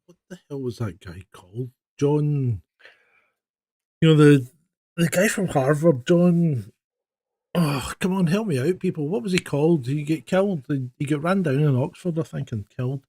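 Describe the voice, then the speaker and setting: A man's voice: a little high, expressive, moderate pace, warm tone, slightly rough. A man co-hosting a live stream, telling stories animatedly with swearing and laughter. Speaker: co-host. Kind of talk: casual live-stream chat.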